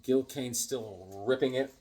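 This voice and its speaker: A man in a casual vlog, excitedly showing off his comic collection with rambling, self-deprecating asides. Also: mid-range voice, measured pace. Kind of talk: casual show-and-tell vlog.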